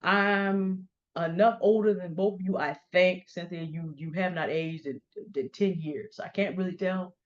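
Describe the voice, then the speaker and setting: With a lowish, steady voice, this middle-aged woman talks unhurriedly and pauses little. She hosts commentary aimed squarely at people she names, pointed and confrontational in tone. The recording sounds dull and lo-fi.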